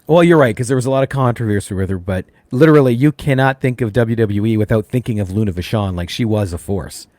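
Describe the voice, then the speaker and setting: A man's voice: on the low side, fast talker, hardly any pauses, darkish tone, no room sound. A man hosting a casual interview, reading out fan questions and reacting eagerly. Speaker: interviewer host.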